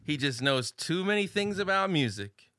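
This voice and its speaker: A man hosts a casual podcast, telling joking stories and acting out the people in them. His voice is bright, and his pitch swings widely. The recording is dry and close. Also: normal speed, no echo. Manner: joking, animated storyteller who acts out others. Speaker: podcast host.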